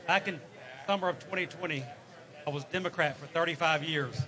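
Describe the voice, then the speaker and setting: Man, emphatic, bright higher voice. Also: fairly quick. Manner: earnest, emphatic. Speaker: interviewee. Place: convention floor.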